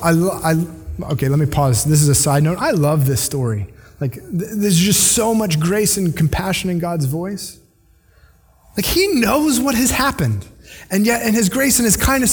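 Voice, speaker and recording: A man's voice: extremely high pitch, slightly rough. A man preaching a sermon in an earnest, conversational way, with restarts and side notes. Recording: long hall reverb.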